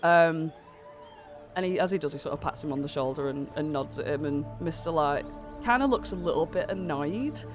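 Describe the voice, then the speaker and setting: A man's voice: on the high side, normal speed, soft background music. A man narrating as game master of a tabletop game, rambling with lots of fillers while he has a cold.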